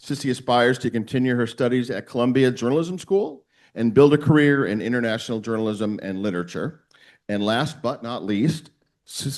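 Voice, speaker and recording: A man's voice: mid-range voice, a little mellow. A man hosts an event and reads out the introduction of the next speaker. He trips over foreign names and words and backs up to correct himself as he goes.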